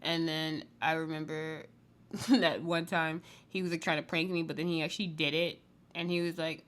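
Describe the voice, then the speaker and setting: Bright-voiced chatty woman recapping TV. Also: low-pitched, little pitch movement, normal speed. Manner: chatty and rambling, full of "like". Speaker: reality TV recap host. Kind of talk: casual chat review.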